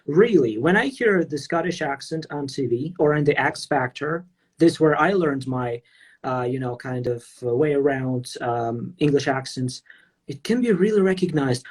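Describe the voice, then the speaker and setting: Husky-voiced Russian-speaking host. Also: male voice, on the high side. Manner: enthusiastic, flattering, long rambling questions. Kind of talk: casual livestream interview.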